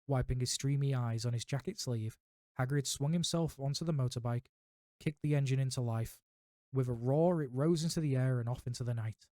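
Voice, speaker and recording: A man reading a book aloud on a livestream, with relaxed, chatty asides to his viewers. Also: mid-range voice, a little fast, no room sound, clean studio sound. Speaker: livestream reader.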